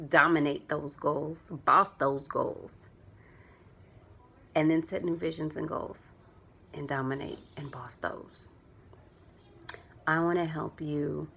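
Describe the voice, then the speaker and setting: Casting note: young woman, low-ish gravelly voice, earnest rambling vlogger, faint hiss behind. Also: fairly bright tone. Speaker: vlogger and clothing seller. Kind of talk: casual heartfelt vlog.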